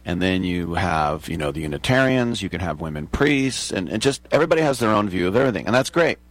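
A man's voice: low-pitched, big pitch swings, fast, no room sound. A man hosting a talk show in a casual, digressive monologue, chuckling at his own asides.

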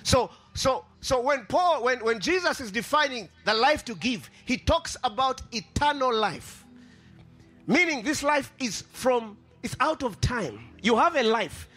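Lively high-voiced preacher man. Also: unhurried, soft background music. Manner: impassioned, sing-song cadence, repeats phrases. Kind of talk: sermon.

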